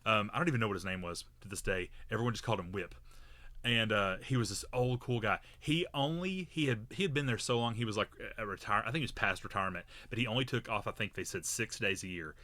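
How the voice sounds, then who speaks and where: A man's voice: fairly low pitch, quick pace, pushed and bright, no room sound. A man co-hosting a podcast, telling a long story in a rambling, casual way with many fillers and restarts. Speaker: podcast co-host.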